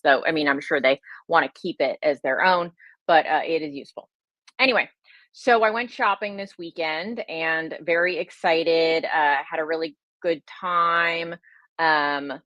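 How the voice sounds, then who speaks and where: A woman's voice: lowish voice, a bit bright, no room sound, dull audio. A middle-aged woman, a health and wellness coach, chatting casually on a livestream with a slight Southern American twist, rambling and self-deprecating with many fillers. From United States.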